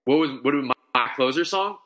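A man co-hosting a sports podcast in casual chat, excited and rambling, with many restarts. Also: mid-range voice, fast talker. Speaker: podcast co-host.

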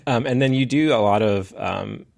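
A man hosting a podcast interview, asking curious questions in a relaxed, conversational way. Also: mid-range voice, moderate pace, gravelly. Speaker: podcast host.

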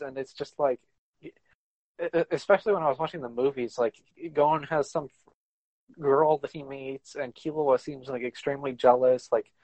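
A man's voice: fairly high pitch, darkish tone, dry recording, low-quality recording. A man co-hosting a podcast in casual chat, rambling with many fillers and laughing often. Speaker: podcast co-host.

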